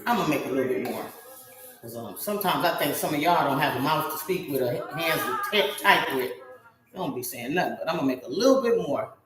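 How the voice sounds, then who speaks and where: A hoarse middle-aged woman chatting with her viewers during a live home-baking stream, exclaiming to herself as she works. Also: low voice, animated, quick pace. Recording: echoey room with music behind.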